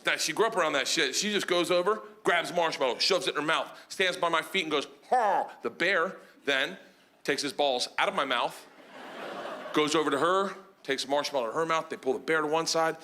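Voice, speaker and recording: A middle-aged male comedian tells a wild story on stage, loud and excitable, his voice riding high and breaking into shouted punchlines. He acts out every character himself. The live recording carries clear noise from the audience behind him. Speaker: stand-up comedian. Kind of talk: stand-up storytelling.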